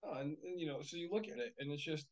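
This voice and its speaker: A man's voice: a little high, expressive, fast talker, a little hiss or hum, low-quality recording. A man co-hosting a casual chat, talking bluntly and heatedly, swearing often and rambling with lots of fillers.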